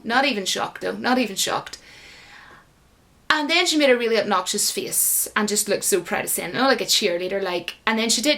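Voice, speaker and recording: A woman's voice: mid-range voice, sharp tone. A woman giving a casual, indignant and sarcastic rant as a commentator, full of fillers. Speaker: YouTube commentator.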